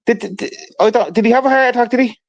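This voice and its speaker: A man's voice: extremely high pitch, rapid-fire, highs cut off. A man telling a rambling, profane story in casual livestream chat, peppering it with "right?".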